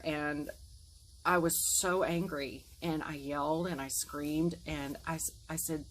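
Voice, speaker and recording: A woman's voice: deep voice, fairly even intonation, unhurried, a little hiss or hum, poor audio. A woman in her forties telling a painful personal story to camera, earnest and emotional, acting out the things people said. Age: 40s. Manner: earnest, emotional retelling with quoted dialogue.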